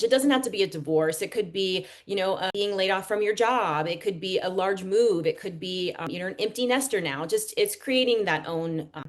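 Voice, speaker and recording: A woman guest on a podcast, an author and speaker, talking in a relaxed way with lots of fillers. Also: lowish voice. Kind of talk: casual podcast interview.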